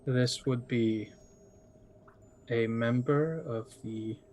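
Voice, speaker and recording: Flat-voiced man playing a tabletop game. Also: medium pitch, soft background music. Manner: halting, restarts phrases. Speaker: player. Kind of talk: casual tabletop game talk.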